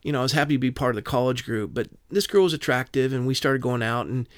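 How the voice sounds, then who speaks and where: Man, interview guest, brisk earnest storyteller, dry close mic. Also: medium pitch, no room sound. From Southern California. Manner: earnest storyteller, quotes dialogue. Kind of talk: personal testimony in an interview.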